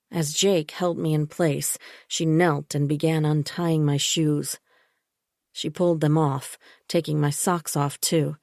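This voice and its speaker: Slow, low-voiced woman narrating a thriller. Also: vocal fry, a little mellow, no room sound, studio quality. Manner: measured, unhurried. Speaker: audiobook narrator. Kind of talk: first-person thriller narration.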